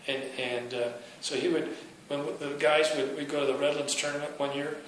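A man's voice: fairly high pitch, level tone, a bit bright. Man in a very echoey room, far off. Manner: halting storytelling with "uh"s. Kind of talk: casual recollection. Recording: very echoey room, distant from mic, noisy.

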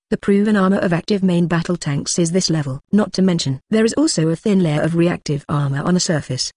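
Synthetic audiobook reader, even monotone narration, dry close sound. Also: medium pitch, no room sound. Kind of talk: scripted narration.

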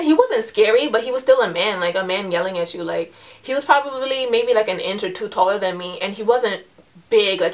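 A woman in her twenties from New York, telling a personal story in a casual, chatty way, full of likes and ums, getting animated as the tension builds. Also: mid-range voice. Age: 20s. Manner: chatty, heavy use of "like" and "um"; animated storyteller, voice rises when retelling the confrontation. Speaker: vlogger.

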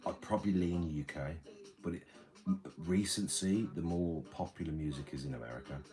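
A man's voice: low-pitched, moderate pace, warm tone, faint music behind. A man hosting a livestream, rambling casually, reading chat and swearing freely.

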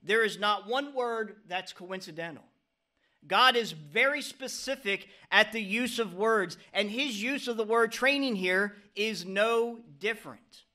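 Middle-aged male pastor, high bright voice, earnest preaching with call-and-response "Amen?" checks. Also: a little slow. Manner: preaching with frequent "Amen?" calls to the congregation. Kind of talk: sermon.

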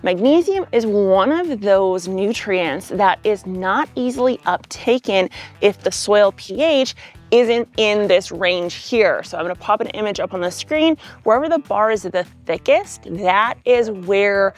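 A woman with a Canadian accent and a hoarse voice, explaining gardening in a casual, upbeat video with joking asides. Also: medium pitch, animated, measured pace, faint music behind. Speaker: gardening educator.

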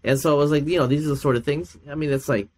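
A middle-aged man, a podcast guest and geneticist, chatting casually and telling stories, with many fillers and laughs. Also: rapid-fire. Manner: animated storyteller, acts out quoted people with big pitch jumps. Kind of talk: casual chat.

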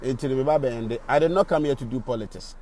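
A man's voice: mid-range voice, fast talker, a little mellow. Indignant Ghanaian man reporting outdoors. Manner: indignant, repeats rhetorical questions, mixes English and Twi. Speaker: radio presenter and vlogger. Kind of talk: on-the-spot video commentary. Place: outdoors on a city street.

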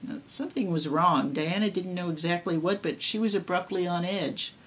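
A woman, the author, reading her own horror story aloud in a measured storytelling way. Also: on the low side, a little hiss or hum.

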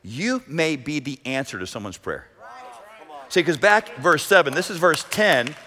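Pastor, male, high bright delivery, dramatic sermon with sudden shouts and hushed drops, church hall reverb. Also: lively intonation, unhurried. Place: church sanctuary. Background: long hall reverb.

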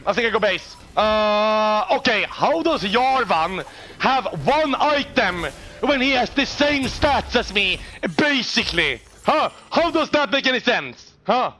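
Shouty high-voiced streamer man. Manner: loud, excitable, profane, often shouting at teammates. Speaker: game streamer. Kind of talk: live gameplay streaming commentary.

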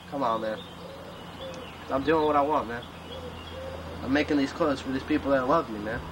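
A man's voice: mid-range voice, noisy background. A young man in a rambling, profane comedic monologue, griping and bragging by turns, full of bro slang. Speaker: clothing designer character. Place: outdoors at a tent camp.

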